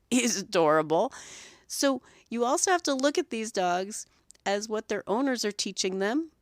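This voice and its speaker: Woman podcast host, groomer, mid-pitched, earnest and reflective, dry untreated sound. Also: dry recording. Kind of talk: solo podcast teaching talk.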